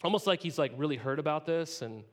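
A male pastor teaching a sermon in a casual, animated way, tossing rhetorical questions to the congregation and adding playful asides. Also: on the high side, fast talker. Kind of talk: conversational sermon.

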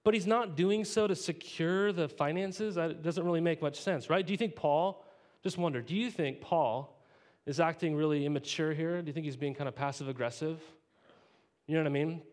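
A male pastor teaching a sermon in a casual, animated way, tossing rhetorical questions to the congregation and adding playful asides. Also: fairly high pitch, normal speed. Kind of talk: conversational sermon.

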